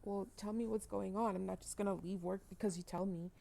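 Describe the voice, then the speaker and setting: A woman's voice: medium pitch, fairly even intonation, a little fast, vocal fry, warm tone. A woman voicing a frantic mother who demands answers and cannot believe the news, in a gameplay story. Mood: insistent. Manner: insistent, disbelieving.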